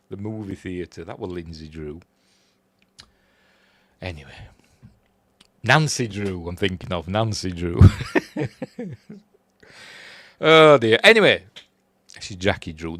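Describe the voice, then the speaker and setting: Yorkshire-accented male film reviewer, chatty rambler, slightly low voice, dry mic. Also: no echo. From Yorkshire, England. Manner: rambling, chuckling, quotes characters in a raised voice. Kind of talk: casual film recap.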